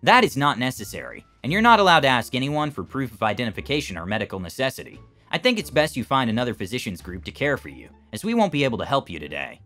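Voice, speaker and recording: A friendly, professional clinic assistant, as a narrator puts him on, speaking courteously and holding firm. The voice is slightly raised above the narrator's own, bright and forceful, with a very lively pitch. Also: male voice, quick pace, hardly any pauses, soft background music. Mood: polite, firm.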